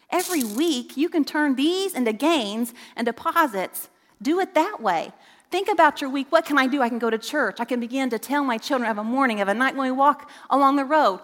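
A woman's voice: high-pitched, fairly bright tone. Earnest woman preaching in a reverberant church. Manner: earnest, emphatic preaching with rising questions to kids. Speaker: children's ministry director. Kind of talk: church talk to parents. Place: church sanctuary. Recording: long reverb in a church hall.

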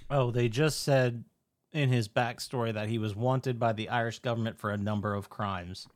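A man's voice: mid-range voice, fairly even intonation, moderate pace. A man co-hosting a podcast, chiming in casually with short reactions and opinions. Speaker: podcast co-host. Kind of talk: casual chat.

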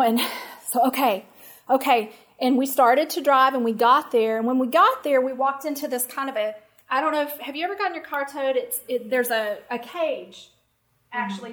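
A middle-aged woman, telling a personal story to an audience in an animated, emphatic way. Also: high voice, normal speed. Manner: animated, emphatic, talks straight to listeners. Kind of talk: personal anecdote told to an audience.

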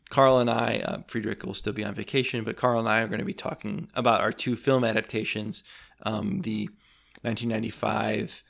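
A man's voice: fairly low pitch, creaky, a bit bright. A man hosting a podcast, discussing a book with enthusiasm and then wrapping up the episode and announcing the next one. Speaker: podcast host.

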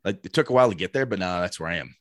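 A man with a lowish voice talks quickly in a relaxed conversational way. He tells stories with energy and slips into other people's voices when quoting them. The recording is close and dry, with no room sound. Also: no echo. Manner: animated storyteller, acts out quoted voices, swears casually. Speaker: tabletop game designer, guest. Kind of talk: casual podcast conversation.

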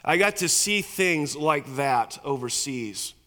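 Middle-aged male pastor, earnest sermon storyteller who repeats words for emphasis, slightly high voice ringing through a reverberant hall. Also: expressive, slow, bright, forceful tone. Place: church sanctuary.

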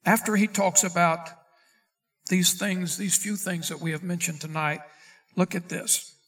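A pastor delivers an expository sermon in a high voice for a man. He reads scripture slowly and deliberately and calls out questions to his congregation. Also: vocal fry, fairly bright tone. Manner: preaching, reading scripture aloud slowly.

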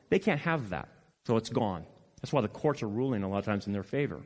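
A man preaching a sermon as pastor, impassioned and animated, addressing the congregation directly. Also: medium pitch, a little fast, in a large hall. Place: church sanctuary.

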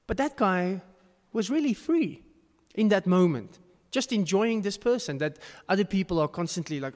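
A man's voice: high-pitched, sing-song, normal speed, few pauses, darkish tone. A man preaching a sermon as a pastor, earnest, with emphatic bursts. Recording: long hall reverb.

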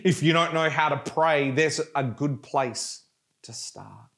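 A male pastor delivering a fervent sermon at an unhurried pace, his voice sitting a little higher than most men's. He leans on his words with passion, then sinks into soft, pleading prayer. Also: steady tone. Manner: impassioned preaching, dropping to hushed prayer.

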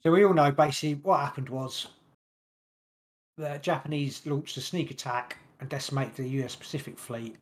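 A man hosting a podcast, reading long passages from his notes quickly and stumbling over words now and then. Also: mid-range voice, fairly even intonation. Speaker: podcast host. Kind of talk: casual podcast chat, reading notes aloud.

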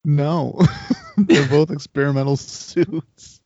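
Male co-host, warm, relaxed and hesitant; dry, lo-fi sound. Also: a little high, slow, no room sound. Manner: relaxed, hesitant, many fillers. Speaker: podcast co-host. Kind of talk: casual chat. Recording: dry, dull lo-fi audio.

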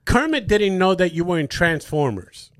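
A high-voiced man with a bright, ringing tone co-hosts a casual podcast. He teases, curses freely and laughs a lot, with lots of rise and fall in his speech. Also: very animated, normal speed. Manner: teasing, profane, laughs often. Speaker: podcast co-host. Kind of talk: casual phone-call banter.

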